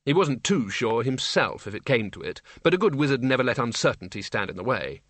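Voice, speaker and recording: A man narrating a comic fantasy audiobook with wry, lively storytelling. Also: medium pitch, fairly quick, no echo.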